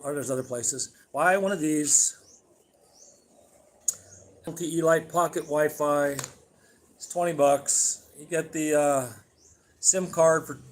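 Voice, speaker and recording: Man hosting a home livestream, a touch high-pitched, blunt and rambling, swears casually. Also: gravelly. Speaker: livestream host.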